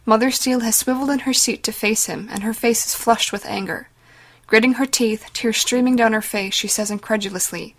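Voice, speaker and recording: A woman giving dramatic, measured scripted narration of a story. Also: a little high, fairly even intonation. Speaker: audiobook narrator.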